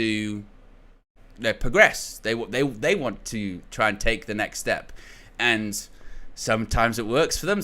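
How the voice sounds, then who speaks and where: A young man with a bright, forceful voice, talking through his football takes in a loose, casual way. He keeps restarting sentences and padding them with fillers as he hosts his channel. His pitch sits in an ordinary middle range. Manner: rambling, frequent restarts and filler words. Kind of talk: casual opinion commentary.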